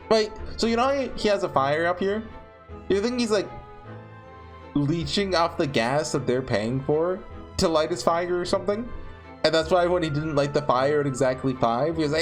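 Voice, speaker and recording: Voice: medium pitch, normal speed, faint music behind. A game streamer commenting casually during a playthrough, chatty and rambling, often breaking off mid-thought. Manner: chatty, rambling, self-interrupting.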